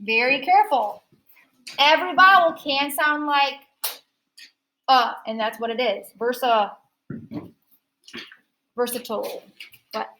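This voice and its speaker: A woman teaching a phonics lesson to a class, sounding out word parts slowly and carefully. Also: sits high, sharp tone, a little hiss or hum, rough recording.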